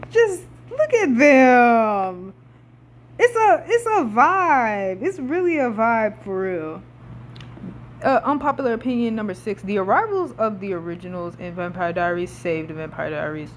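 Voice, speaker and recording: A woman's voice: fairly high pitch, slight background noise. A young woman, ranting casually and swearing, with dramatic outbursts. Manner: animated, swears a lot, dramatic rising outbursts. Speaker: vlogger. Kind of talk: casual rant about a TV show.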